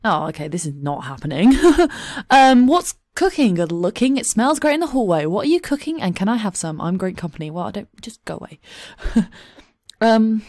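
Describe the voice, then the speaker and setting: A woman's voice: mid-range voice, sing-song, moderate pace, a little mellow, dry recording, clean studio sound. A woman giving chatty, giggly let's play commentary into a desk microphone at home. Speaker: gaming YouTuber.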